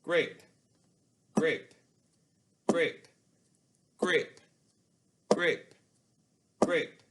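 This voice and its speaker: A man's voice: medium pitch, a bit bright. A man teaching a music class, explaining patiently and leading call-and-response chanting.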